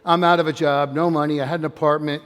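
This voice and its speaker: A fast-talking older man with a fairly high, smooth voice delivers an energetic motivational talk, quizzing his audience and calling out for them to join in. A long hall reverb gives the impression of a large room.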